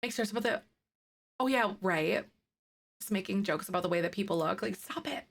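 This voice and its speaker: A woman's voice: mid-range voice, a little fast, creaky. A young woman streaming a game live, chatting casually with her viewers and reacting to their messages. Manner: chatty, reacting to chat with laughs and fillers. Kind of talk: casual live-stream chat while playing.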